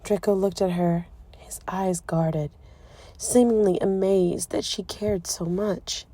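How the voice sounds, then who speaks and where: A woman narrating a romance audiobook in a soft, emotive storytelling manner. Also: mid-range voice, steady tone, slow, no room sound. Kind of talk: scripted narration.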